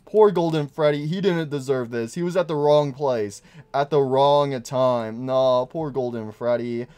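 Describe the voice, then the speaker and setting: A man giving excitable gameplay commentary on his channel, gushing over details on screen. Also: mid-range voice, measured pace, smooth. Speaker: gaming YouTuber.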